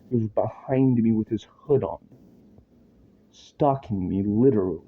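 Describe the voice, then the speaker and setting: A worked-up man rants to the camera in a long, rambling monologue, swearing freely, dropping slang asides, and circling back over his point. His voice has an ordinary middle pitch, and the audio sounds dull and a little lo-fi.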